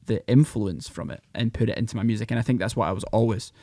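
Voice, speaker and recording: Scottish man, animated and chatty. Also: lowish voice, fast, dry recording. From Scotland. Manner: animated, rambling, breaks into mock voices. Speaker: podcast guest, country singer. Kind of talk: casual podcast chat.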